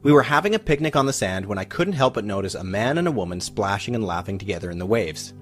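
Man telling a story with lively pitch. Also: quick pace, soft background music. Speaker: relationship coach. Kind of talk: scripted first-person storytelling.

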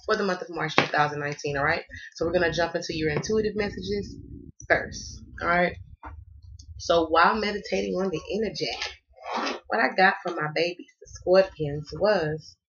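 A woman's voice: on the low side, moderate pace, fairly bright tone, dull audio. A woman from the American South doing a casual tarot reading, sassy and playful and cussing freely. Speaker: tarot reader.

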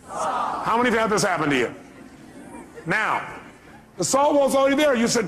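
A man giving a motivational seminar to a live audience, telling stories with animated, acted-out quotes and sudden leaps in pitch. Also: fast, faint music behind. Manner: animated storytelling, acts out quotes with big pitch jumps. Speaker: motivational speaker.

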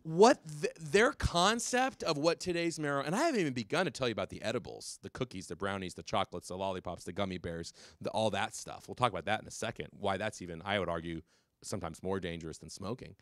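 A man giving a public talk to parents, animated and quick, with many fillers and restarts. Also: fairly low pitch, dry recording, studio quality. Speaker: drug policy speaker.

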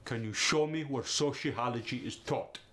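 A man putting on a heavy Russian accent, repeating words and phrases slowly and deliberately. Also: mid-range voice, a bit bright, close to an everyday voice. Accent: put-on Russian accent. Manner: slow, deliberate, clipped repetition of words.

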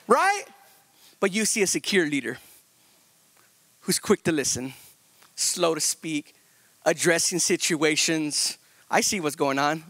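A male pastor preaches with a high, tense, sharp voice, recorded dry and close with no room echo. He rushes up into loud, high emphasis, then slows down and drops low. He keeps pressing his listeners with repeated rhetorical questions. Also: very animated. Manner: swings from loud, high-pitched emphasis to slow, hushed stretches; repetitive, rhetorical questions to the congregation. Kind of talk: sermon.

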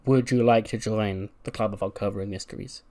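A man's voice: fairly low pitch, fairly even intonation, brisk, mellow, natural voice. A man voicing an exasperated male wrestler who leads a small club in a wrestling game story.

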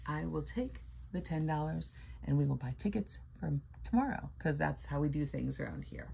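Older woman, very low gravelly voice, husky, chatty lottery vlogger, playful, sleepy. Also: expressive, moderate pace, dark tone. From Florida. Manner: chatty, playful, reads numbers aloud. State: sleepy, yawning. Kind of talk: casual scratch-off commentary.

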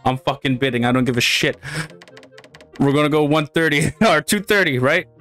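Excitable, foul-mouthed male gamer. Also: fairly high pitch, normal speed, soft background music. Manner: excitable, swears freely, yells and cheers. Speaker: gaming channel host. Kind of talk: casual let's-play commentary.

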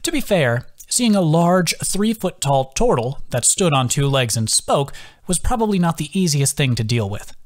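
Expressive man narrating an audiobook. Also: a little high, moderate pace. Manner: lively, expressive reading. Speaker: author reading his novel.

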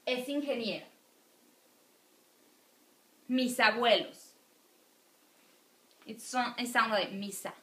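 A woman teaching a recorded video lecture, speaking slowly and patiently and pronouncing words for students to repeat after her. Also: fairly high pitch, pushed and bright. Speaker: Spanish teacher. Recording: echoey room.

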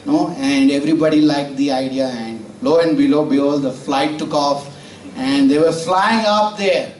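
A man's voice: a little high, normal speed, a little mellow, a little hiss or hum. A man preaching a sermon in a conversational way, telling stories and asking the congregation questions. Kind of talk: sermon with storytelling. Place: church sanctuary. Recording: roomy church audio from far off.

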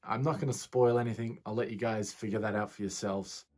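A man giving relaxed, chatty reaction commentary as a physicist YouTuber, dropping slang and laughing often. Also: on the low side, brisk.

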